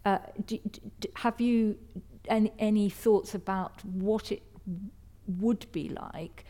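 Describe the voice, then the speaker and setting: A woman's voice: mid-range voice, fairly even intonation, slow pace, dark tone. A woman hosting a panel discussion before an audience, asking academic, probing questions with hesitant restarts. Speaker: panel host.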